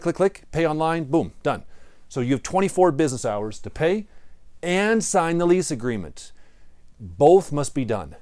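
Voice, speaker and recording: A man hosting a property management advice video, talking straight to the viewer in a lively, emphatic way. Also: medium pitch, no room sound, studio quality. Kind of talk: direct-to-camera business advice.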